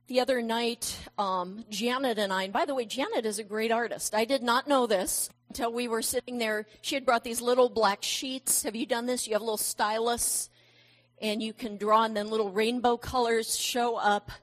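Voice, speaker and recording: A middle-aged woman preaching a sermon in a gentle, reflective way, with storytelling asides. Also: a little high, steady tone, normal speed.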